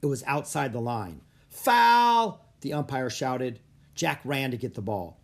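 An audiobook narrator reading a children's chapter book aloud, breaking into sudden loud, high shouts for the characters. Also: moderate pace, breathy edge. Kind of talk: storybook read-aloud.

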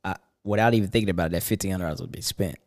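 A man's voice: sits low, very fast. A man co-hosting a podcast in a studio, chatting casually and laid-back, swearing freely and laughing often. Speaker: podcast co-host. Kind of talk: casual chat.

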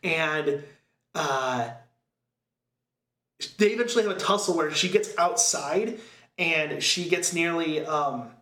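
A man with a slightly high voice chats through a film's story in a loose, rambling way, full of fillers and quick quoted bits. The sound is roomy and echoey. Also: pushed and bright. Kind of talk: casual chat recapping a film. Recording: echoey room.

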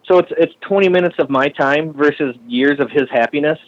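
A man's voice: a little high, a little fast, lo-fi sound. A custom bicycle frame builder, a man telling stories in a casual podcast interview, swearing freely and ranting heatedly.

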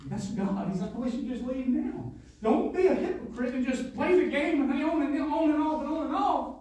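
A man preaching a sermon with plain, folksy grammar, moving from quiet asides to booming, dramatic lines. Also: fairly quick. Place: church sanctuary. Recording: echoey room from a distant mic.

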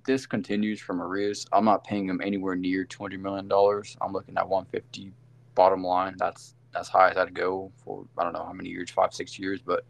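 A man's voice: sits low, vocal fry. A man co-hosting a casual sports podcast, rambling through game recaps with lots of fillers and self-corrections. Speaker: podcast co-host.

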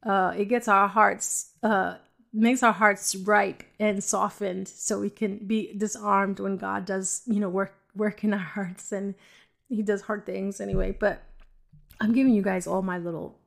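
A woman's voice: medium pitch, steady tone, unhurried, vocal fry. Joking woman. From New York City. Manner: rambling, joking, laughs often between phrases. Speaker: podcast host. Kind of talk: personal faith testimony, casual chat.

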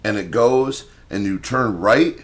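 A young man with a lowish voice co-hosts a casual podcast, telling a mishap story full of swearing. He jumps into loud, animated bits when he acts out his own past lines. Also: slow. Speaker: podcast co-host.

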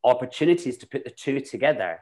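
A Scottish man talking through his stories in a loose, chatty way, often restarting his sentences. His pitch sits in the middle for a man, neither deep nor high. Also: expressive, quick pace, a little mellow. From Scotland. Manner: chatty, rambling, with frequent restarts. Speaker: guest, drag queen and actor. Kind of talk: casual chat.

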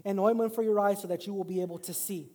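Male pastor, middle-aged, high voice, casual storytelling sermon, reverberant church. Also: steady tone, fast talker, darkish tone, husky. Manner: casual, self-deprecating storytelling with rising preaching emphasis. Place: church sanctuary. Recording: long hall reverb.

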